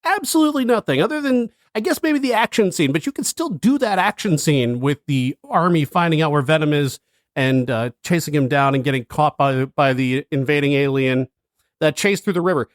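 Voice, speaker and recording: A man's voice: fairly high pitch, lively intonation, moderate pace, no room sound, studio quality. A man co-hosting a film review podcast, chatting bluntly and in an exasperated way, often laughing. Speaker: podcast co-host, film critic. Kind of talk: casual chat.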